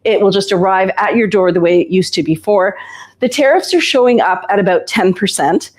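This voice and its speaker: A woman's voice: mid-range voice, a little fast, darkish tone. Chatty woman hosting a live sale stream. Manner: chatty, reassuring, explains step by step. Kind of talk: casual live-stream product talk.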